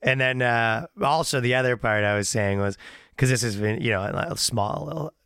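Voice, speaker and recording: A man, a comedian guest, telling a rambling, halting story in casual chat and laughing at his own words. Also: mid-range voice, gravelly, a bit bright, smooth, dry recording, studio quality.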